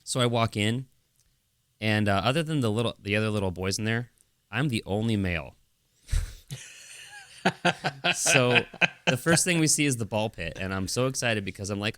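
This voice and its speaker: A man's voice: fairly low pitch, moderate pace, long pauses, a bit bright, no room sound, studio quality. A young adult man co-hosting a podcast, telling stories in casual chat and acting out what people said. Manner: storytelling with laughs and acted-out quotes. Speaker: podcast co-host.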